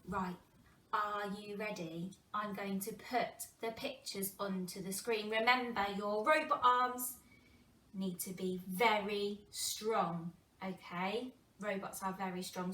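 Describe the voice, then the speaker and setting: A woman with an English accent teaching a phonics lesson to young children, sounding out words slowly and with a lot of expression. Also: mid-range voice. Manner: animated, exaggerated sounding-out of words with gasps and whispers. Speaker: primary school teacher. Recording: roomy distant mic, faint background noise.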